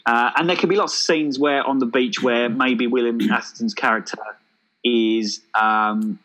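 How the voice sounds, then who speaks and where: A man, co-hosting a casual chat, pitching a made-up action film with jokey enthusiasm. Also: steady tone, moderate pace, a bit bright, slight background noise, rough recording. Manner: enthusiastic, jokey, thinks aloud with fillers. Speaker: podcast co-host.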